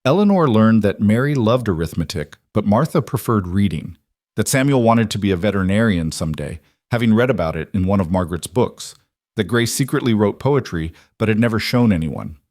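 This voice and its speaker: A man narrating a scripted story in an even, measured way. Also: lowish voice, dry recording, clean studio sound.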